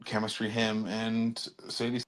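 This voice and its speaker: A man's voice: on the low side, completely flat delivery, unhurried, rough recording. A man co-hosting a casual pop-culture podcast, laid-back, mostly reacting with short remarks. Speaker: podcast co-host.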